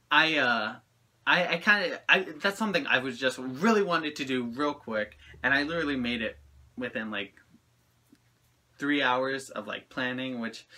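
A man talking casually to camera in a reaction video, wandering from thought to thought and laughing as he goes. His voice is very bright and sits at an ordinary middle pitch. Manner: rambling and friendly, often laughing between thoughts.

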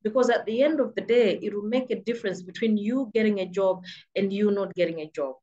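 A woman's voice: medium pitch, a little fast, mellow, dull audio. Insistent woman with a British-sounding accent. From Malawi. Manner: emphatic and insistent, repeats for stress. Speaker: freelancing coach. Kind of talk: motivational advice talk.

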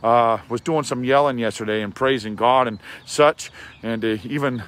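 A hoarse man with a scratchy voice gives an earnest, rambling video update as an outreach pastor, recorded outdoors in a park on a handheld phone. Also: medium pitch, moderate pace, a bit bright. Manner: earnest, rambling, with many fillers.

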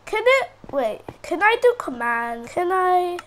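High-voiced woman chattering through a game. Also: big pitch swings, slow, a bit bright, slight background noise. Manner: chattering, repeats phrases over and over; easily startled, fretful. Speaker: gaming channel host. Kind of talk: casual gameplay commentary.

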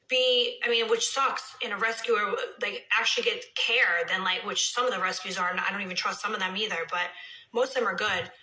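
New woman in her thirties, phone live stream, bright tone, echoey room. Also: medium pitch. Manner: chatty, swings into soft whispers and heated rants. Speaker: reality TV personality on a live stream. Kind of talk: casual live-stream chat reading comments.

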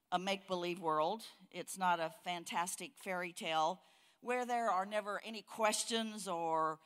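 Older lady preacher, bright voice, chatty stories then gets fired up. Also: mid-range voice. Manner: folksy storytelling, rising to fiery emphasis. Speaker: conference speaker. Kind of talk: sermon. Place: church.

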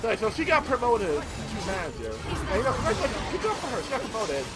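A man giving casual gameplay commentary, rambling and excitable, swearing loudly at the game. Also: sits high, quick pace, a crowd in the background, rough recording. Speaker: gameplay streamer. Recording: loud game music behind voice. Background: game music and sound effects.

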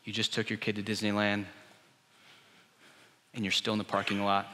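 A male pastor delivers a lively, storytelling sermon, slipping into the voices of the people he quotes. His tone is bright and forceful. The long reverb of a church hall trails after every phrase. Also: on the low side, moderate pace.

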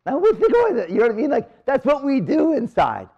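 A priest giving a live marriage retreat talk in a church room, conversational and energetic, shifting from quick punchy lines to slow quiet emphasis. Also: male voice, extremely high pitch, highs cut off. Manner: energetic, conversational preacher with sudden drops to quiet. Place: church room near the Blessed Sacrament.

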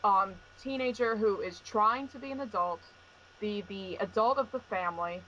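A woman co-hosting a casual fan podcast, chatty and quick to laugh, with fillers. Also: medium pitch, fairly bright tone, highs cut off, a little hiss or hum. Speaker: podcast co-host.

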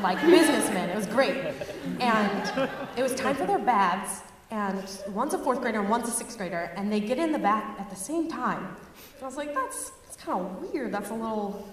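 A young woman performing a rambling, self-aware stand-up comedy set on a live stage. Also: medium pitch. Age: young adult. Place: live stage before a laughing audience. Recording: echoey hall, far mic, crowd laughter, noise.

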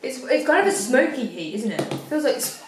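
Young woman, kinda high voice, chatty and cheering people on, sounds far away in a roomy space. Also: big pitch swings, brisk. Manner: encouraging, chatty. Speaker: challenge participant. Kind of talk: casual chat among friends. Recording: echoey room from a distance, faint noise.

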